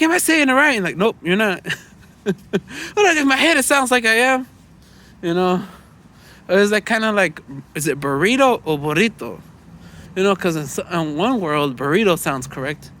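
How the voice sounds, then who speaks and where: A Mexican-American vlogger from the States gives a loose, rambling monologue outdoors, speaking in a high-pitched, bright, and forceful voice. He is animated, talks at a normal speed, pauses often, and scatters "you know," "man," and profanity throughout.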